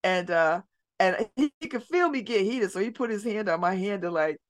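A middle-aged woman hosting a community radio show, telling stories in an animated way and dropping her voice low and soft for emphasis. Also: normal speed. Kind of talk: casual talk radio monologue. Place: radio studio.

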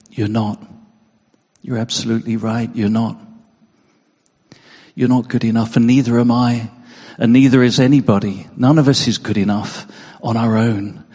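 A man's voice: mid-range voice, a little mellow, breathy edge, long reverb tail. A man preaching a sermon in an earnest way, emotional, often repeating words as he stresses a point.

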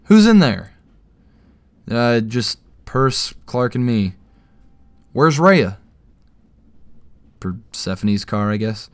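A man's voice: mid-range voice, lively intonation, extremely slow, pauses often, dry recording, voice pushed up. A man voicing a smug male train guard who pries with a mocking, casual tone. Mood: needling.

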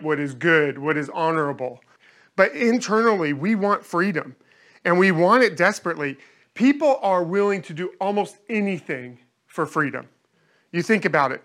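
Earnest high-voiced male preacher. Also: fairly bright tone. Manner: earnest, repeats words while searching for phrasing. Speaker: pastor. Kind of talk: sermon.

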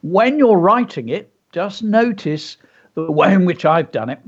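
A man hosts a radio show about writing, explaining a poem with enthusiasm and plenty of ums and uhs, his pitch moving in an animated way. His voice is slightly husky, and the broadcast sound is dull and lo-fi. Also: a little slow. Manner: enthusiastic, explanatory, many fillers. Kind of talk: instructive radio talk.

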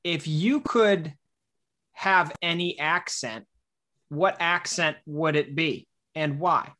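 A man's voice: fairly high pitch, slow, pushed and bright. A man from Wisconsin co-hosting a casual podcast, curious and a little rambling as he talks. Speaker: podcast co-host. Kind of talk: casual chat.

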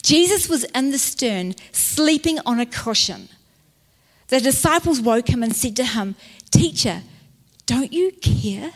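A woman's voice: on the high side, expressive, a little slow. A woman pastor with a New Zealand accent preaching a sermon, earnest and repeating phrases for emphasis. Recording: long church hall reverb.

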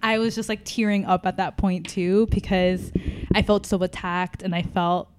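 A woman recounting a personal story in casual conversation. She talks in a quick, animated rush and fills her sentences with "like" and "you know". Her pitch sits in a plain middle range. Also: clear, resonant tone. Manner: rapid, animated retelling full of "like" and "you know".

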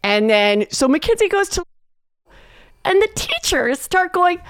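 A woman comedian guest in a casual podcast chat, telling stories in an animated way and acting out quoted voices. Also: very high voice, measured pace, no room sound, studio quality. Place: podcast studio.

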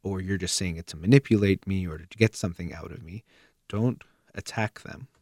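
Deep-voiced man giving earnest advice. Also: brisk, no room sound, studio quality. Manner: earnest, steady, explanatory. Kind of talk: advice monologue.

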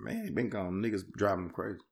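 Young male co-host, lowish voice with lively swings, quick to laugh, playful. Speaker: podcast co-host. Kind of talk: casual chat.

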